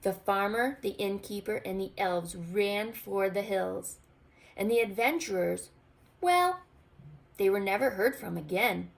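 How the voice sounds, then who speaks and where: A woman teacher reading a storybook aloud to young children, expressive and pointing out pictures. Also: mid-range voice, gravelly. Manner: expressive, slow, asks children to look. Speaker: pre-K teacher.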